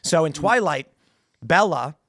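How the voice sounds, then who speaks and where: A man hosting a casual panel talk show, telling stories in an animated way with quick character voices. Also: fairly high pitch, no room sound, studio quality. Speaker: show host.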